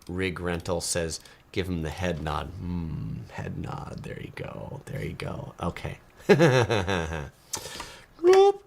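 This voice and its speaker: Animated male live stream host. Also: on the high side. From United States. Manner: animated, drifts into playful mock voices. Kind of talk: casual live stream chat reading viewer comments.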